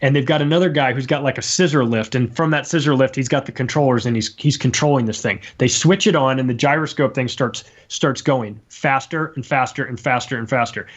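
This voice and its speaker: A man telling a story as a guest on a casual live talk show. He is animated and acts out the voices he quotes. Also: medium pitch, a little fast, few pauses. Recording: muffled lo-fi stream audio.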